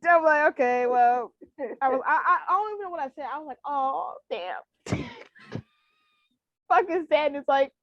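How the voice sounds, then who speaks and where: A woman's voice: high voice, brisk, long pauses, no echo. A young woman co-hosting a podcast in casual chat, emotional, pleading and laughing, swearing freely. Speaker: podcast co-host. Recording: dry, dull lo-fi sound.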